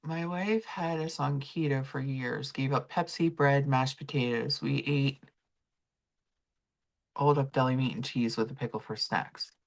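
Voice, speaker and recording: A woman's voice: extremely low pitch, fairly even intonation, a little slow, gravelly. A woman hosting a live stream, chatting casually and telling stories while reading messages from her chat.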